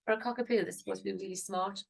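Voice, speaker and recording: A woman's voice: mid-range voice, steady tone, very fast, vocal fry, rough recording. A woman, rambling and thinking aloud in a casual vlog. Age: 30s. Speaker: singer vlogging.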